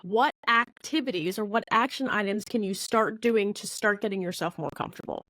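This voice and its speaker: A woman speaking as a networking coach in an interview, blunt and lively, acting out quoted conversations in sudden higher voices. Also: a little fast, dry recording. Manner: blunt, with occasional swearing. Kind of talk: candid interview talk.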